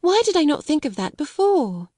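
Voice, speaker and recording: A woman doing a high, bright-voiced young girl in a storybook, earnest and courteous, tender and eager, lifting her voice well above the narrator's, recorded dry and close with no room sound. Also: big pitch swings, normal speed, no echo. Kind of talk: audiobook character reading.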